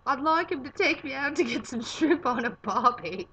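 A woman's voice: high-pitched, animated, moderate pace, sharp tone, a little hiss or hum, pitched above the performer's own voice, heavily acted. A woman putting on an over-the-top fake Australian accent as a jokey character describing a date, recorded in her garage. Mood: goofy. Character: hammy mock-Aussie woman describing a date.

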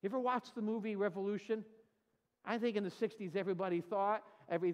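Speaking quickly in a high voice, a California pastor preaches in a church sanctuary, the dull audio carrying the feel of a large hall. He is an animated storyteller who acts out the voices in a humorous tale, pokes fun at himself, then shifts to scripture.

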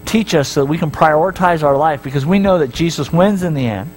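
A middle-aged man preaching a sermon, animated and storytelling, acting out voices and asking the congregation questions. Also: fairly high pitch, a little fast, a little hiss or hum, rough recording. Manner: talks straight to the congregation with repeated questions. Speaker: pastor. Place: church sanctuary.

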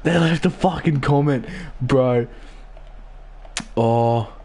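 An unhurried young man chats his way through a livestreamed football match, his delivery slow and drawn out. He swears freely and trades crude, joking banter. His voice sits at an ordinary middle pitch for a man. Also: dark tone, a little hiss or hum. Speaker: gaming streamer. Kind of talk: casual gaming-stream chat.

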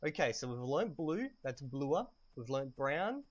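A man teaching a language lesson while playing a game, speaking softly and keeping his voice low, patiently repeating each phrase slowly. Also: big pitch swings, dull audio. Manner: soft-spoken, kept low. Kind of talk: casual lesson while gaming. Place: home room at night.

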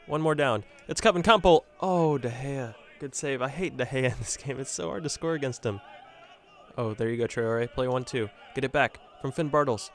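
Excitable man commentating his own gameplay. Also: mid-range voice, normal speed. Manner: excitable, talks to viewers as "boys", cheers at players. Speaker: gaming channel host.

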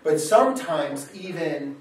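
Male Latin teacher, high-ish voice, self-correcting, heard far off in a boomy room. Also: unhurried. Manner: lively, thinks aloud and corrects himself. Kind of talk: classroom lecture. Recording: very echoey room, mic far off.

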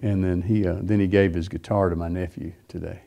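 A man's voice: deep voice, fairly even intonation, a little fast, vocal fry, mellow. A middle-aged man preaching, telling a personal story in a rambling way with many fillers and restarts. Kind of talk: sermon testimony.

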